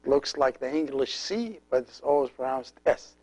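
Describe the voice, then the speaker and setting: A middle-aged man, a priest, teaching a language lesson slowly and carefully, repeating each word for practice. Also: medium pitch, expressive, darkish tone, poor audio.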